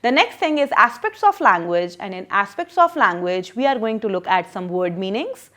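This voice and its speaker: A woman's voice: mid-range voice, big pitch swings, moderate pace, sharp tone. A woman teacher explaining a lesson to children, patient and repeating her questions.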